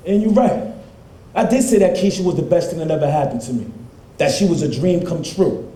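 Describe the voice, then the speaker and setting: A man's voice: a little high, fairly quick, dark tone, close to an everyday voice. An actor playing a cocky young man who defiantly justifies abusing his girlfriend. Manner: defiant, dismissive, pleading. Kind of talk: independent film drama acting. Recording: roomy indoor echo.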